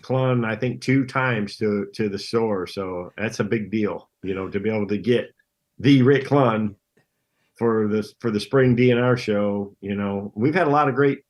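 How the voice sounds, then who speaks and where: A middle-aged man, talking as a podcast guest in a relaxed, plain-spoken way. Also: on the low side, a little slow. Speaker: guest, pro angler. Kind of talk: casual interview chat.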